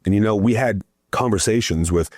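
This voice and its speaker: Male political guest, low and husky, emphatic storyteller. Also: fairly quick, a little mellow, no echo, studio quality. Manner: emphatic storyteller, keeps adding "right?". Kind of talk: political conversation.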